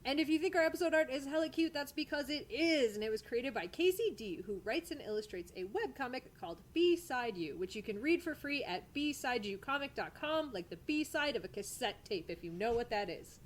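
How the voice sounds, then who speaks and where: A woman's voice: sits high, animated, brisk, few pauses. A woman co-hosting a podcast, reading the closing credits in casual chat and often breaking into laughter. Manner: giggly, keeps breaking into laughter. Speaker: podcast co-host.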